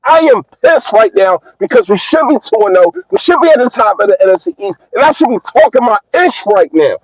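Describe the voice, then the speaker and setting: A man's voice: high-pitched, sing-song, fairly quick, dry recording, lo-fi sound. A man hosting a fan livestream, ranting in a heated, emphatic way and repeating his points. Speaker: fan channel host.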